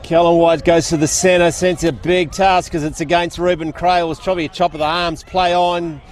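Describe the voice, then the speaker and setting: A man's voice: fairly high pitch, flat delivery, normal speed. A man with an Australian accent giving live play-by-play commentary at a country football ground, chatty and full of local slang.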